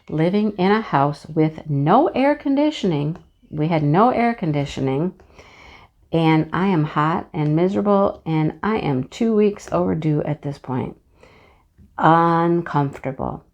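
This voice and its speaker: A woman's voice: sits low, expressive, unhurried, dull audio. Chatty, laughing woman in her fifties. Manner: chatty, laughs often, lots of fillers. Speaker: craft channel host. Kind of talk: casual personal storytelling.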